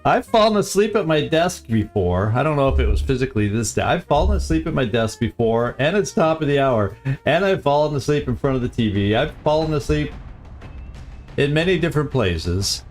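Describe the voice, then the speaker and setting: A man's voice: medium pitch, big pitch swings, fairly quick, soft background music. A man hosting a live game stream, chatting casually and easily, often chuckling and repeating his phrases.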